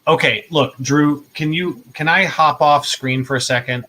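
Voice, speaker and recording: A man's voice: on the high side, moderate pace, sharp tone, a little hiss or hum, rough recording. A man co-hosting a casual chat over a video call, speaking in a wry, self-deprecating way. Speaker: co-host.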